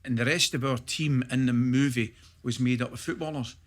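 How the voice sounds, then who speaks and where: A middle-aged Scottish man, a former footballer, chatting as a podcast guest and telling stories with animated laughter. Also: mid-range voice, moderate pace. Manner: animated storyteller, laughs through his stories. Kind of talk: casual podcast chat, anecdote telling.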